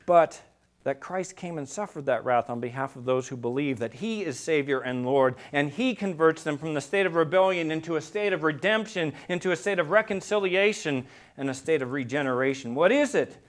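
A man preaching a sermon. He swings from quiet, low passages to loud, emphatic peaks and asks the congregation rhetorical questions. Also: brisk. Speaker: pastor.

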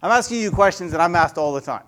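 A youth pastor giving a casual, conversational sermon in a church, often putting questions to the audience. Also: male voice, sits high, expressive, fast talker, a bit bright.

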